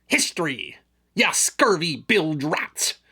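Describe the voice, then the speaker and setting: A man's voice: a little high, sing-song, slow pace, sharp tone, breathy edge, heavily acted. A man putting on a boisterous male pirate voice, growling in pirate dialect and drawing out his words. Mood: rollicking.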